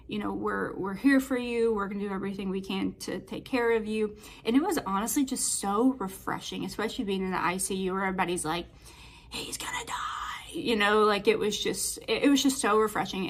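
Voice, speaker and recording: A woman's voice: medium pitch, a bit bright. A woman fitness coach talking in a casual motivational monologue, chatty and storytelling with lots of filler words.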